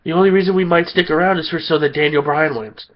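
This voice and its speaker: A man rants with heated indignation, sounding tired and a bit sick. His voice sits fairly high for a man. The recording is dull and lo-fi. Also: fairly even intonation, fast talker, noisy background. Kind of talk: angry opinion rant.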